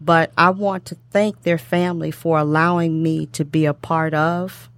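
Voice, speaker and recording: A middle-aged woman hosting a talk show speaks warmly from the heart, repeating herself often and using many fillers. When emotion takes over she gets tongue-tied and stumbles. Her voice is low-pitched and steady at a moderate pace, recorded in studio quality with no room sound.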